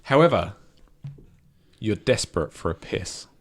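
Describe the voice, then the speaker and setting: A man's voice: lowish voice, animated, measured pace, noisy background. A man co-hosting a podcast, laughing often and directing his co-hosts through a silly game. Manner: giggly, bossy, sets up games. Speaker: podcast co-host. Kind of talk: casual comedy chat.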